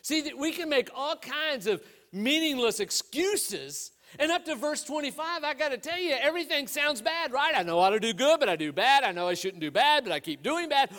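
A pastor delivers a sermon, telling stories and posing rhetorical questions. His voice swings from loud emphasis to hushed, low lines.

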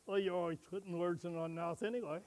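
A man's voice: high voice, fairly even intonation, quick pace, a little mellow. A man voicing a small, stubborn, testy puppet boy who talks back in a sulky, contrary way.

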